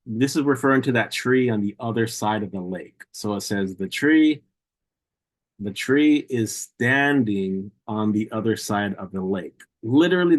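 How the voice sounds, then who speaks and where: A man with a lowish voice teaches a language class at an unhurried pace. He explains sounds carefully and says each word over and over so learners can copy it. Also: poor audio. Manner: slow, patient, repeats words for pronunciation. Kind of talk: language lesson.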